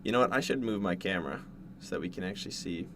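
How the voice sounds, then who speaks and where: A man from Canada, streaming casually from home while eating, jumping from loud yelps to low mumbles. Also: quick pace, noisy background. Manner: excitable, jumps to loud yelps then mumbles. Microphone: desk mic, no headset.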